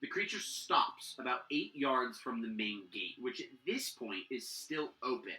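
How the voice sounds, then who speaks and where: Rambling game master with a bright voice. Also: male voice, mid-range voice, very animated, unhurried, roomy sound, poor audio. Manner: rambling with frequent fillers and restarts. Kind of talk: narrating a tabletop game.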